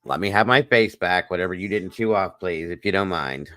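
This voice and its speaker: A man's voice: deep voice, brisk, sharp tone, no room sound. A man hosting a casual livestream, greeting viewers by name and chatting with them, wired on coffee. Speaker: livestream host. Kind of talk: casual livestream chat reading comments.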